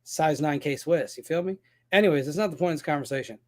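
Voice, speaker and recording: A man co-hosting a podcast in casual chat, joking and excitable, often cutting in. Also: a little high, quick pace. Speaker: podcast co-host.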